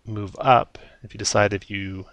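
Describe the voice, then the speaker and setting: A man narrating as game master of a tabletop game, relaxed and hesitant with frequent ums. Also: fairly low pitch, moderate pace.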